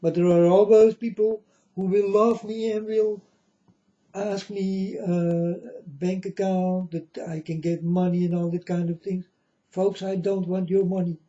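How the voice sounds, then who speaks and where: Slow, dark-voiced man preaching to viewers. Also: sits high, lo-fi sound. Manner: slow, repetitive, keeps asking "you understand?". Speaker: channel host. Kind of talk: religious monologue to viewers.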